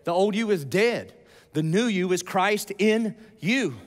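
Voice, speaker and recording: A man preaching a sermon as pastor, conversational and animated, with asides to the congregation. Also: high-pitched, unhurried, in a large hall. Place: church auditorium.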